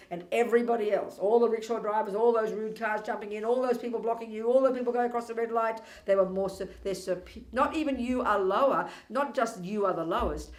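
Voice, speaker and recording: Emphatic woman dharma teacher, provocative and wry, roomy hall sound. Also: medium pitch. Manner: animated, emphatic, provocative and ironic. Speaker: Buddhist teacher. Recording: echoey room.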